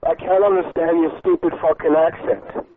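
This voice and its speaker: Crude rambling prank caller, tinny line. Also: male voice, on the high side, steady tone, normal speed, a little hiss or hum. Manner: crude, rambling, mock-polite with hesitations. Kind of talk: prank phone call.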